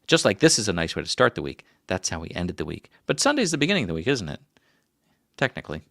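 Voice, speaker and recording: A man's voice: fairly low pitch, huge pitch swings, fast talker, gravelly, a bit bright, no room sound, clean studio sound. A middle-aged man hosting a casual livestream, rambling through stories with self-mocking jokes. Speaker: livestream host.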